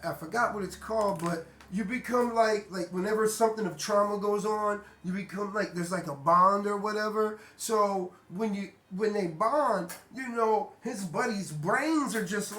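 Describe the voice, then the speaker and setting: A man's voice: sits high, moderate pace, few pauses, fairly bright tone. A man giving a casual motivational monologue, talking bluntly and emphatically, swearing freely and repeating himself. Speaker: vlogger. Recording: echoey room.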